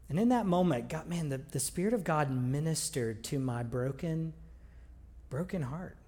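A man's voice: a little high, expressive, normal speed, dark tone. A man preaching a sermon in a conversational, earnest way, with frequent restarts. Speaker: pastor. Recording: long reverb of a large hall.

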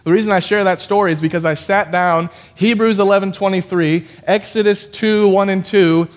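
A man's voice: high voice, steady tone, moderate pace. A man preaching a casual, conversational sermon as a pastor, self-deprecating and prone to restarting his sentences.

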